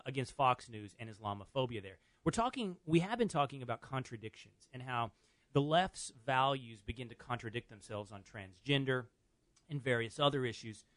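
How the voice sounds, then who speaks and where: A man's voice: medium pitch, a bit bright, dry recording. A man hosting a talk radio show, arguing his points with restarts and easy laughter. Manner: argumentative, laughs easily, restarts. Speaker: radio host. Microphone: studio microphone.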